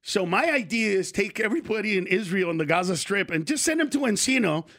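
A man from East Los Angeles in a casual comedic chat, animated and jokey. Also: high-pitched, fast talker. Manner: animated, jokey, slips into impressions.

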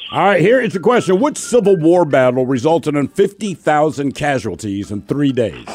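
A man hosting a radio show, casual and joking with quick asides. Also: on the high side, sing-song, darkish tone.

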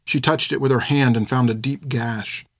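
Steady male audiobook narrator, dry sound. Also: medium pitch, normal speed, no room sound.

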